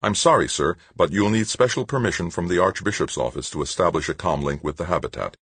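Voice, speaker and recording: A man voicing a blank-faced young male communications clerk, flatly polite and repeating himself. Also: low-pitched, quick pace, breathy edge, no echo, heavily acted. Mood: rote. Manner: flat, rote politeness.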